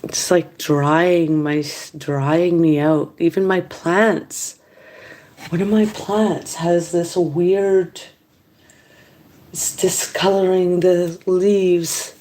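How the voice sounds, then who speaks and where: A woman talks slowly and unhurriedly in a lowish voice, rambling through a casual late-night monologue at home. She complains as she goes and grows lively whenever she quotes other people. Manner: rambling, complaining, animated when quoting others. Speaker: mukbang vlogger. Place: indoors at home.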